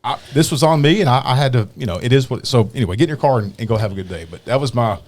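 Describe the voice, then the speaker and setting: A man's voice: mid-range voice, expressive, rapid-fire, a little mellow. A man, a police officer hosting a podcast, telling a story in casual chat with many restarts. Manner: rambling, many restarts, laughs through his story.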